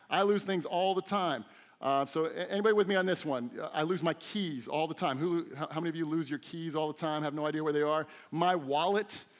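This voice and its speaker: A middle-aged man preaching a sermon as a teaching pastor, telling stories with lively, acted-out quotes. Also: a little high. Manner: animated storytelling with acted-out quotes. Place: church sanctuary.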